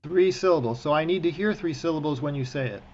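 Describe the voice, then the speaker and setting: A man's voice: a little high, quick pace, darkish tone, muffled recording, slight background noise. A man, a cantor, teaching a class over a video call, encouraging and chatty with joking asides. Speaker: cantor teaching prayer book reading. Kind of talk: online class instruction.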